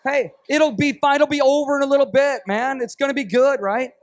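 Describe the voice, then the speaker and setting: A man's voice: very high-pitched, fairly even intonation, brisk, no room sound, voice pushed up. A man voicing an upbeat encourager reassuring a sick pastor.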